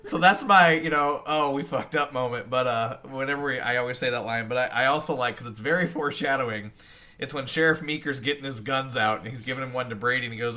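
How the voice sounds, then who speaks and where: Bright-voiced eager man in podcast chat. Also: mid-range voice, fast. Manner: eager, tumbling restarts, casual swearing. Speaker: podcast co-host.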